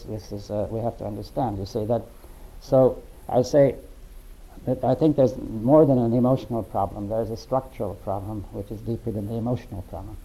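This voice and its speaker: A man in a philosophical discussion, talking haltingly and often checking in with "right?" and "you see". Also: mid-range voice, warm tone, breathy edge, poor audio. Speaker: discussion participant.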